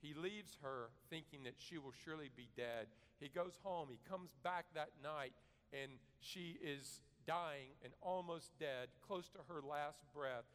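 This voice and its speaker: Earnest preacher in a reverberant hall. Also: male voice, a little high, unhurried, smooth. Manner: earnest preaching, swelling louder for emphasis and dropping soft. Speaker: pastor. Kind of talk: sermon.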